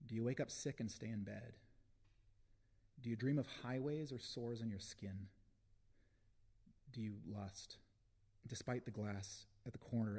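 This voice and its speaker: A man giving a live poetry reading in a concert hall, slow and deliberate with dramatic pauses, into a stage microphone. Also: lowish voice, dark tone, slightly rough. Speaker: poet.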